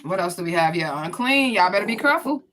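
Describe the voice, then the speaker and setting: Over soft background music, this woman delivers a chatty spiritual reading directly to her viewers, swearing freely and not mincing words. Her lowish voice is animated, fairly bright in tone, and quick.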